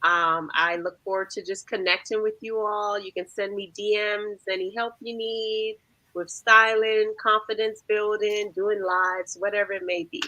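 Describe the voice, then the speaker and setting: A woman's voice: mid-range voice, steady tone, moderate pace, bright, forceful tone, no echo, rough recording. A woman joining a podcast as a guest, speaking in an upbeat, friendly way. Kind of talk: casual chat.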